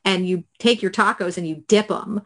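A woman's voice: medium pitch, moderate pace. A woman co-hosting a casual podcast, chatting in an easygoing, self-deprecating way and laughing often. Her voice sits in an ordinary middle range for a woman, and she tells her stories loosely, with plenty of asides. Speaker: podcast co-host.

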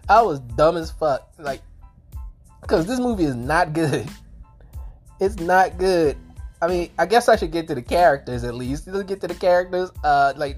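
Deep-voiced woman w sore throat, rambling movie review, cussing a lot, soft music behind. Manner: rambling, swears freely, frequent restarts and laughs.

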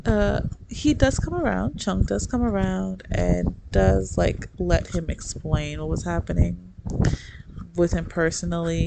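A young adult speaker giving a casual, rambling review with quick asides and laughter. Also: mid-range voice, gravelly. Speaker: book reviewer. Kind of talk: casual chat. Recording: loud background noise.

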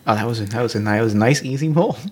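A man's voice: medium pitch, rapid-fire, a little mellow, husky. Jokey man narrating a role-play game. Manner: jokey, laughs often, narrates his character's actions. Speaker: co-host and player.

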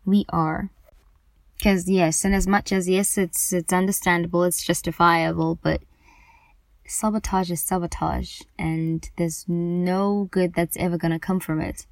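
A woman's voice: lowish voice, little pitch movement, measured pace, no echo. A woman podcast host speaking earnestly and emphatically about anxiety in a personal monologue, often repeating herself for stress.

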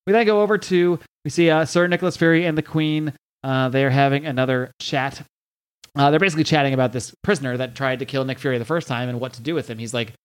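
A man's voice: mid-range voice, quick pace. Casual man recapping a comic story. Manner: chatty, swears, acts out quotes loosely. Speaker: podcast host recapping a comic. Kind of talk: casual recap with read-out dialogue.

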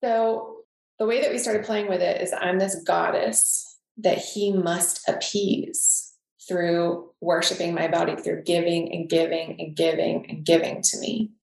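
A woman's voice: lowish voice, flat delivery, a little slow, vocal fry, darkish tone, roomy sound, poor audio. A woman speaking openly and reflectively as a guest in a podcast conversation.

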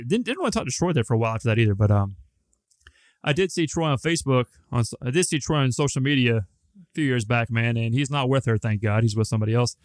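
A man's voice: mid-range voice, clean tone, no room sound. A young man co-hosting a podcast, telling a long, rambling, profane story in a casual, laid-back way. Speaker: podcast co-host.

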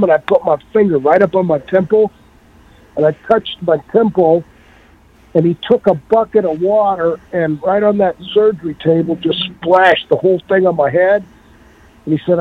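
Husky-voiced man on a tinny line. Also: high voice, moderate pace. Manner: animated storyteller, acts out quoted voices. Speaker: guest. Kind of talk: casual storytelling.

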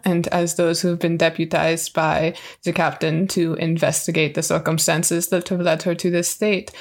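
A woman playing a tabletop game, articulate and persuasive. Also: lowish voice. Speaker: player. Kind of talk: tabletop role-play.

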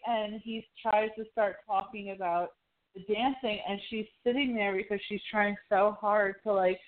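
A woman co-hosting a podcast, gushing excitedly while she retells film scenes. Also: mid-range voice. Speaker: podcast co-host. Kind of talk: casual chat. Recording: tinny phone-like line.

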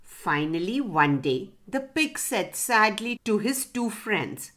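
A woman narrating a children's story slowly and expressively, pausing to ask the children questions. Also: mid-range voice, very animated, a bit bright.

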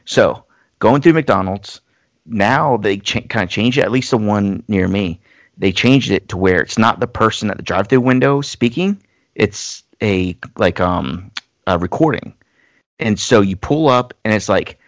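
Gravelly low-voiced man rambling on. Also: animated, measured pace, no echo, dull audio. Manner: rambling storyteller, mimics voices in anecdotes. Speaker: podcast host. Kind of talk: casual chat.

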